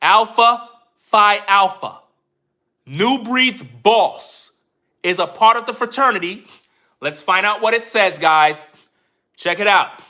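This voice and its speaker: A man's voice: high voice, bright, forceful tone. A man giving an emphatic commentary rant as a YouTube commentator, repeating himself and addressing viewers directly.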